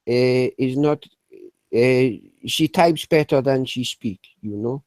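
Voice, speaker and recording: A man's voice: mid-range voice, animated, takes it slowly, pauses often, darkish tone, no room sound. A man chatting casually in an online voice room, swearing freely, laughing a lot and rambling with restarts. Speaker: chat room regular. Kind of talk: casual online group chat.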